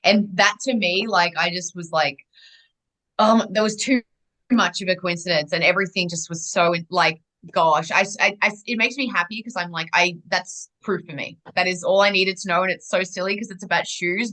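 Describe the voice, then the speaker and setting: Bright-voiced young woman, rambling and animated. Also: lowish voice, moderate pace, rough recording. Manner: rambling and animated, with many restarts. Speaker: guest. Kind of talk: casual conversational storytelling.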